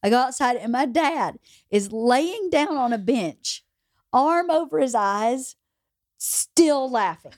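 Woman podcast host, chatty storyteller who keeps cracking up, slightly high voice. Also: takes it slowly, dry recording, studio quality. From small rural town in the US. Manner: animated, laughs through the story. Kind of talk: casual storytelling chat.

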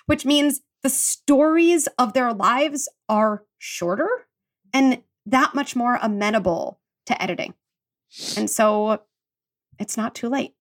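A woman's voice: fairly high pitch, takes it slowly. A woman psychologist talking on a podcast, earnest and reassuring, walking listeners through an exercise. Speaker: psychologist guest. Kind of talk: podcast conversation.

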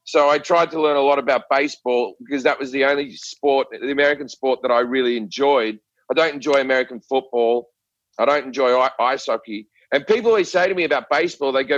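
A man's voice: medium pitch, fast, fairly bright tone, dry recording, muffled recording. A middle-aged Australian man on a podcast, ranting and swearing with lots of stammered restarts. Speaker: guest comedian. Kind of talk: casual podcast chat.

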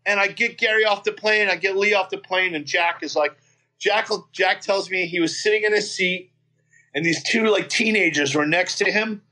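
A man with a bright, slightly raised voice tells a rowdy road story in a casual interview. He swears freely and restarts his sentences as the anecdote tumbles out. He sounds middle-aged. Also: high-pitched, moderate pace. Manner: profane, animated anecdote-telling with frequent restarts. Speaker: guest, metal singer.

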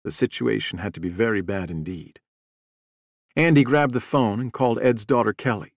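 A man reading a true sea-rescue story aloud in a measured, steady audiobook narration. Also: fairly low pitch, no room sound, clean studio sound.

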